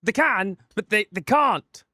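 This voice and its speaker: Stammering streamer guy, fairly high voice. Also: lively intonation, measured pace, bright, forceful tone. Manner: stammering restarts, swears freely. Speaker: streamer reacting to a video. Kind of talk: casual chat.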